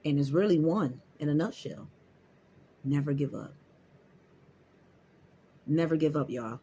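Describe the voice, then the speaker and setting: A man's voice: mid-range voice, a little mellow, a little hiss or hum. A man giving an emphatic, repetitive motivational talk to his viewers, speaking. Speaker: motivational vlogger. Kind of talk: casual motivational talk to camera.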